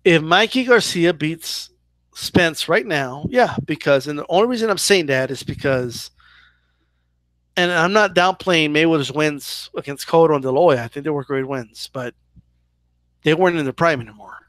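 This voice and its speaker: A man's voice: a little high, lively intonation, moderate pace, a bit bright, no room sound. Chatty man hosting a boxing Q&A. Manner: loose and chatty, lots of "like" and "right?". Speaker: boxing channel host. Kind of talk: casual live Q&A, reading viewer questions.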